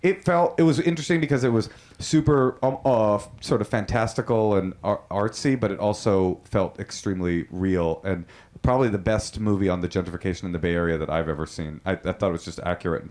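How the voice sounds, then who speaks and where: A man's voice: lowish voice, fairly quick, a little mellow. A man in casual comedic podcast chat, rambling and laughing as he talks. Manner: rambling, self-interrupting, laughing.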